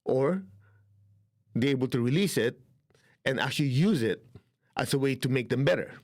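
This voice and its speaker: A man's voice: medium pitch, expressive, moderate pace. A man teaching spiritual healing in a conversational way. He often checks in with his listeners and acts out inner dialogue. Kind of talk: instructional talk on spiritual healing.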